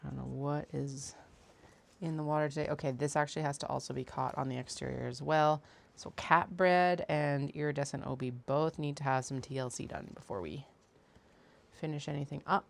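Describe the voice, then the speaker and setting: A woman's voice: deep voice, fairly even intonation, fairly quick, vocal fry. A woman hosting a sewing livestream, talking casually to herself as she works and repeating phrases half-aloud. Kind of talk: casual talk while working.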